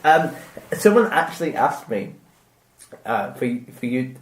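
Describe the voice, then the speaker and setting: A man's voice: mid-range voice, sing-song, unhurried, a little hiss or hum. A man co-hosting a podcast, talking casually with a rambling, hesitant delivery and many fillers. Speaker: podcast co-host. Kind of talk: casual chat. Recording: echoey room.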